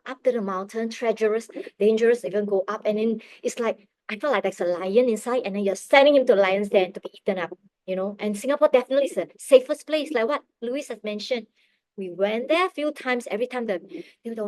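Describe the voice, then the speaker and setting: A middle-aged woman telling a personal faith testimony as a parent, earnest and emotional, often dropping her voice very low. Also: brisk, no room sound. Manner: earnest, emotional storytelling, drops to near whispers.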